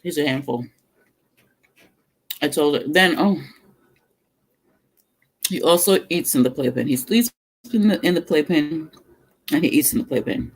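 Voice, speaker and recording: A middle-aged home cook chats on a livestream while eating. The voice has a gravelly fry. Sentences drift off into murmurs over the food and break into laughter. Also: medium pitch, lively intonation, unhurried, long pauses. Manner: chatty storyteller, laughs often; talks between bites, murmurs over food. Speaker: cooking vlogger.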